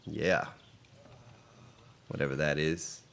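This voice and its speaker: A man's voice: very deep voice, takes it slowly, gravelly. A man casually commenting on his game during a live stream, chatting with viewers as he plays. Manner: relaxed and chatty, reading out and answering viewer chat.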